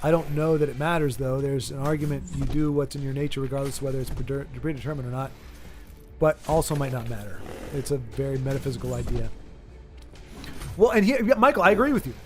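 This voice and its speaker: A man's voice: medium pitch, quick pace, over music. A man hosting a casual chat, rambling and restarting his sentences as he talks through an idea. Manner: rambling, many restarts and repeated words. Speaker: streamer host.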